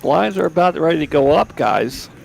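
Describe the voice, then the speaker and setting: A man's voice: a little high, animated, moderate pace, creaky. A man giving easygoing, chatty live commentary on a poker table from a booth. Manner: chatty, easygoing, repeats words. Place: commentary booth at a card room.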